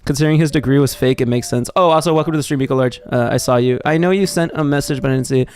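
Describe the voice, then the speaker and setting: A man's voice: mid-range voice, rapid-fire, a little mellow, smooth. A young man from Texas streaming live, chatting loosely and reading viewer messages, rambling with lots of fillers and restarts.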